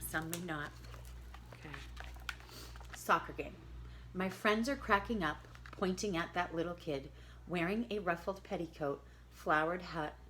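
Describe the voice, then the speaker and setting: A woman reading a picture book of poems aloud to children, expressive and adding chatty asides to her listeners. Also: on the low side, a little hiss or hum. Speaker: reader.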